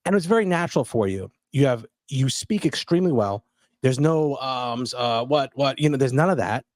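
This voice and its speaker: Man, podcast host, thoughtful, measured, dry close recording. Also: mid-range voice, lively intonation, darkish tone, dry recording. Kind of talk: casual interview.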